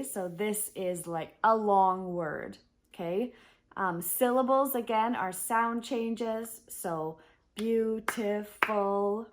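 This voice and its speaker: A woman teaching an English grammar lesson, spelling words out letter by letter and checking in with "okay?" and "right?". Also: medium pitch.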